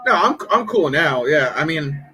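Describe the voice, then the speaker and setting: A man in his thirties, chatting casually on a live stream, telling a story with lots of swearing and quick impressions of other people. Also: fairly high pitch, a little hiss or hum, rough recording. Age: 30s. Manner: profane, animated storytelling, mimics others.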